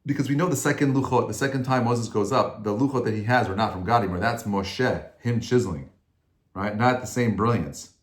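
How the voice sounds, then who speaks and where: Animated rabbi in an echoey room. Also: male voice, fairly low pitch, a little fast. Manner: animated, conversational, rising to emphatic peaks. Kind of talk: informal Torah class.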